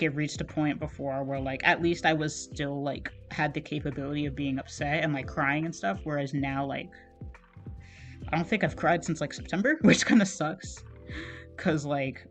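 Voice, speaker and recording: A man's voice: fairly high pitch, steady tone, normal speed, fairly bright tone, soft background music. A man streaming while he draws, talking in a rambling, casual way, full of "like" and swearing. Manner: rambling, heavy use of "like", frequent swearing. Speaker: art streamer.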